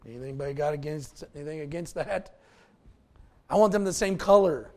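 A male pastor preaching a folksy, animated sermon with asides to the congregation. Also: a little high, moderate pace.

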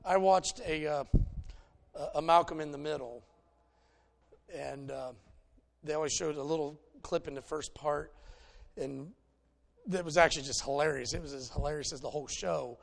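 A man's voice: on the high side, steady tone, normal speed, gravelly, pauses often. A man preaching a conversational sermon in a folksy, plainspoken way, telling stories to make his points.

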